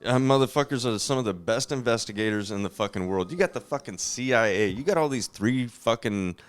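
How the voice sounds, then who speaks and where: A man's voice: mid-range voice, animated, brisk, smooth. A man guesting on a casual podcast, laid-back but ranting, with heavy swearing. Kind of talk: casual profane chat.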